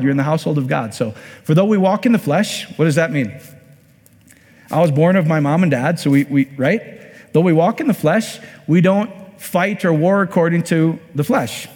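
A man from Iowa gives a relaxed, conversational sermon, stumbling over repeated words and checking in with his listeners. His voice sits a little above the usual male range. A long reverb trails his words through the hall. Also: fairly high pitch, a little fast, breathy edge. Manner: conversational, repeats words, asks the audience questions. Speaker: pastor.

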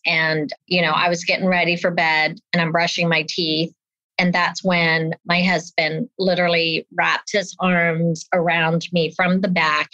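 In a lowish voice, a woman in her fifties being interviewed shares a personal story with lively energy, imitating the people she quotes. The dry, dull, lo-fi recording has no room sound.

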